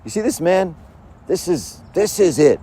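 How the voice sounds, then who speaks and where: A man's voice: high-pitched, very animated, unhurried, warm tone, a little hiss or hum, pitched above the performer's own voice. A man playing Jesus in a mock-grand, showman-like way as he singles out a disciple.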